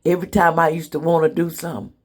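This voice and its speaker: A man's voice: on the high side, level tone, quick pace. A man telling comedic stories to the camera in a sassy, blunt way, laughing often. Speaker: vlogger. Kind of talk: casual comedic storytelling.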